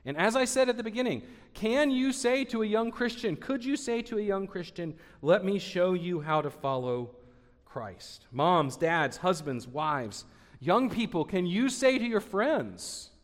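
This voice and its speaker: A man's voice: high voice, expressive, unhurried. A man in his forties, a pastor, preaching an earnest sermon, often repeating himself and building to emphatic peaks. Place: church sanctuary. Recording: long church hall reverb.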